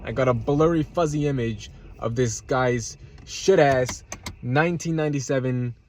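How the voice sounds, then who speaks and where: A man's voice: mid-range voice, moderate pace, a little mellow, slight background noise. A man telling a road-rage story in a heated, profane rant, repeating himself, his voice jumping up when he gets upset. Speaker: vlogger. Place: at home, eating a salad.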